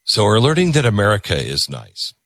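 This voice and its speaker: A man's voice: fairly low pitch, brisk, slight background noise. A man hosting a commentary show, talking emphatically and calling up clips to play. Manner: animated, emphatic, calls for clips. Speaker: commentary host.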